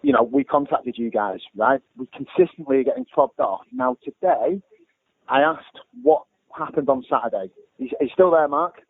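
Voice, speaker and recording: A man's voice: a little high, big pitch swings, normal speed, gravelly. Exasperated man swearing. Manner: exasperated, heavy swearing, blunt. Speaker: small gym owner on a complaint call. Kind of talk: phone complaint and ranting asides. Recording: lo-fi phone-like sound with faint music.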